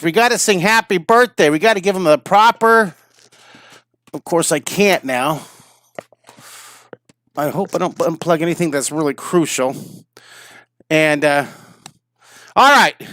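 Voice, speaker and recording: A man's voice: a little high, fairly bright tone, no room sound, clean studio sound. A man in his fifties, a drawing teacher on a live stream, chatting and rambling to his viewers, tired and a little wheezy. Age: 50s. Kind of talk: casual live-stream chat.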